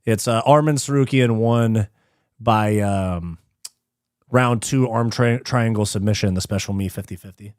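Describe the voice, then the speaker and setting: A man hosting a live stream, chatting casually, reading viewer messages aloud and thanking them, relaxed and slangy, swearing freely. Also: lowish voice, a little slow, no echo, clean studio sound.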